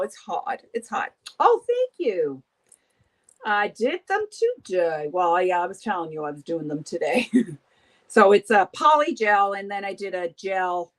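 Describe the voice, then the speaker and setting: A woman's voice: medium pitch, big pitch swings, unhurried. A woman hosting a beauty livestream, chatting casually with viewers while doing her makeup, gossipy and often laughing.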